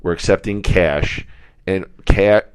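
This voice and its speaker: A man's voice: sits low, slow, clear, resonant tone, no room sound. A man co-hosting a podcast from a hotel room, telling stories with dry jokes. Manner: deadpan storyteller, joking. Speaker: podcast co-host. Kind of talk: casual chat.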